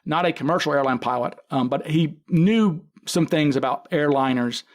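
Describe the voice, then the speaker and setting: A man's voice: a little high, moderate pace. A man, a podcast guest, casually retelling events in detail, acting out quoted dialogue and often restarting his sentences. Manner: frequent restarts and self-corrections. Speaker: podcast guest, case expert. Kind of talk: casual storytelling.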